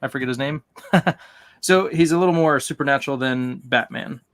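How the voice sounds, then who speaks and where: A man chatting as a guest on a livestream, unsure of himself, with lots of pauses and restarts. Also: mid-range voice, a bit bright. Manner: hesitant, lots of ums and restarts. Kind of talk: casual chat.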